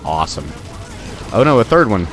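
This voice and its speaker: A man's voice: on the low side, big pitch swings, moderate pace, fairly bright tone, faint music behind. A young man giving casual, joking commentary while playing a video game, chatting to the enemies on screen. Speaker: gameplay commentator. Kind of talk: casual let's-play commentary.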